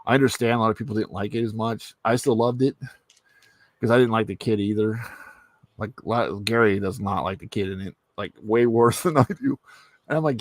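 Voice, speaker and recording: A man hosting a casual live stream, talking in a rambling, animated way and swearing freely. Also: lowish voice, fairly quick, no room sound, clean studio sound. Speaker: stream host. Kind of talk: casual chat.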